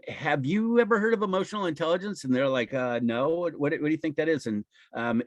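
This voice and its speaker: Halting American man giving a webinar. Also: mid-range voice, no echo. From United States. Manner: halting, many fillers and restarts, frequent soft laughs. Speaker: nonprofit leader giving a webinar talk. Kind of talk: casual webinar presentation.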